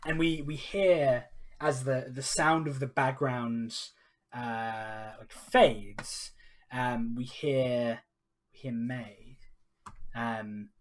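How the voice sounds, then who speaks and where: A man's voice: medium pitch, steady tone, very slow. A man narrating his solo tabletop role-playing game on a live stream, casual and hesitant, chatting with viewers. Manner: casual and hesitant, many ums, talks to chat.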